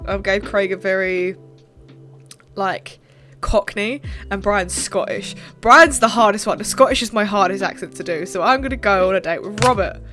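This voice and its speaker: Excitable woman gamer with game music. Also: mid-range voice. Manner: excitable, swears freely, reads game dialogue aloud. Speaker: game streamer. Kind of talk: casual let's-play commentary.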